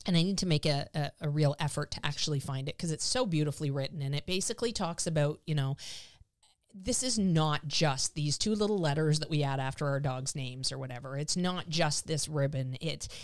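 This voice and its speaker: Middle-aged woman, podcast host, low-ish pitch, heartfelt and animated, slight tremble in the voice. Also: a little fast. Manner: warm, enthusiastic, gets emotional. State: slight quiver in voice. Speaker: podcast host, dog trainer. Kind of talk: casual podcast chat.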